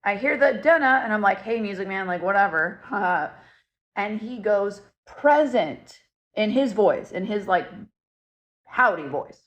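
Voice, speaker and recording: Young woman vlogging her ghost story, animated, lots of likes and okays. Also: medium pitch. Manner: animated, quick bursts with frequent fillers. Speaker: paranormal content creator. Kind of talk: casual storytelling to camera.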